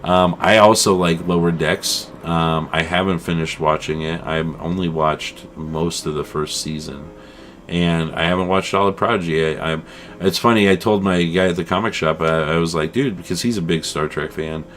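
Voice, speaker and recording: A middle-aged man co-hosting a casual chat show, rambling and animated, calling his friend "dude" and "man". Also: deep voice, normal speed, a little hiss or hum. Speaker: podcast co-host.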